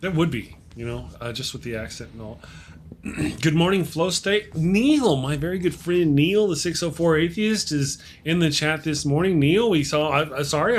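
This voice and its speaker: A man with a fairly high voice hosts a casual live-stream chat, greeting viewers and trading self-mocking jokes. There's slight background noise behind him.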